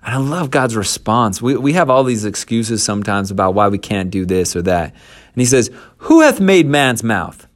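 Casual, animated scripture storyteller man. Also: on the low side, normal speed. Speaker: scripture teacher.

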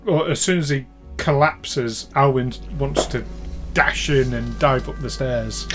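Male tabletop player, mid pitch, practical questions. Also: unhurried, a bit bright, soft background music. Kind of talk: casual tabletop play.

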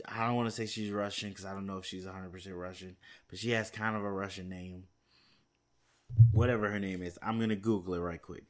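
A man chatting casually to his viewers, rambling and thinking aloud with many fillers and restarts, a little tired. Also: low-pitched. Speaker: movie news vlogger. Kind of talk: casual chat to camera.

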